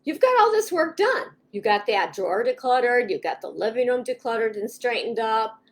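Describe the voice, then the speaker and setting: A woman's voice: a little high, sing-song, normal speed. A woman hosting a casual live stream on home organizing, talking directly to her viewers in a chatty, rambling way, often restarting sentences and acting out everyday thoughts. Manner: chatty, rambling, frequent restarts and acted-out inner monologue. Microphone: webcam or phone in a home office.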